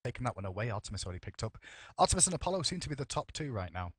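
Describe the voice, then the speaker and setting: A man's voice: mid-range voice, very animated, very fast, husky, no room sound, studio quality. A man casting a live esports match, joking and bantering with his co-caster between calls. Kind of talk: live esports play-by-play commentary.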